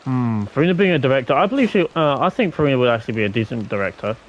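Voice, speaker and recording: A man's voice: mid-range voice, animated, rapid-fire, lo-fi sound. Casual rambling young gamer man. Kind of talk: casual game commentary.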